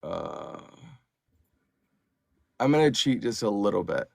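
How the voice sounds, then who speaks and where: A man, an audiobook narrator and actor, chatting as a podcast guest in an animated way with lots of fillers. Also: fairly low pitch, slow pace, vocal fry, breathy edge, no echo, clean studio sound. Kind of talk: casual podcast chat.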